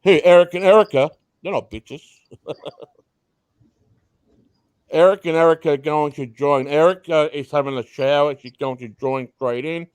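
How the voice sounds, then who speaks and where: A man hosting a casual talk show, laid-back and quick to laugh. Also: fairly high pitch, smooth. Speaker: host. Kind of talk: casual profane chat.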